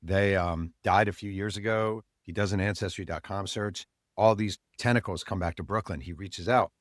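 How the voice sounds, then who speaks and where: A man, an author guest on an interview show, telling a story in animated fashion and acting out the people he quotes. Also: low voice, moderate pace, dry recording, studio quality.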